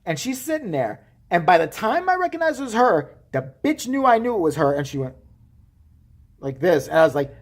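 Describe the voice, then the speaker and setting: Man vlogger, lively sing-song delivery, profane, blunt and joking, acts out his quotes. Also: high voice, brisk. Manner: acts out quoted voices while telling. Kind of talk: casual storytelling.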